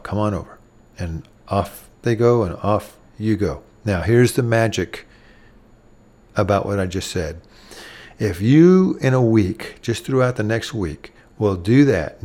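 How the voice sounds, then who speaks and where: Earnest middle-aged man giving parenting advice. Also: lowish voice. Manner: earnest, acts out gentle parent lines to children. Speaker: parenting podcast host. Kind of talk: instructive talk.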